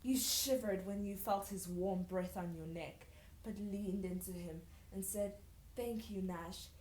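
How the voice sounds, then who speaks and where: A woman's voice: mid-range voice, fairly even intonation, a little slow, a little mellow. A young woman reading old fan fiction aloud with sarcastic, incredulous asides, in an echoey room. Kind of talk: mocking dramatic reading.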